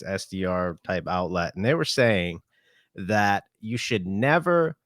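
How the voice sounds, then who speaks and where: A man's voice: fairly low pitch, fairly bright tone, dry recording, clean studio sound. Guy from west michigan hosting a podcast, kinda rambly, asks questions. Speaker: podcast host. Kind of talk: casual chat.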